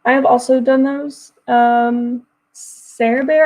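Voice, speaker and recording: Poor audio captures a young woman chatting casually with viewers on her writing livestream, reading their comments aloud. Her voice sits on the high side with a darkish tone and fairly even intonation, and she speaks unhurriedly, giggling a lot and restarting loose phrases.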